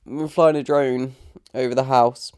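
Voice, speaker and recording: A man's voice: medium pitch, moderate pace, clean tone. A man co-hosting a podcast, chatting casually and acting out voices in his stories. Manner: animated storytelling, acts out quoted voices. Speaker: podcast co-host. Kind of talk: casual chat.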